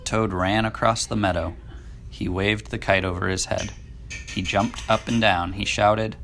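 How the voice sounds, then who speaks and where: A woman reading a children's storybook aloud to a child in a gentle, unhurried way. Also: a bass voice, steady tone, slight background noise.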